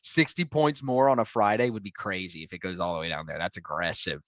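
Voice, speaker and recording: A man's voice: deep voice, a little fast, fairly bright tone, dry recording. A man hosting a live day-trading stream, talking casually and joking, swearing freely as he reads the market.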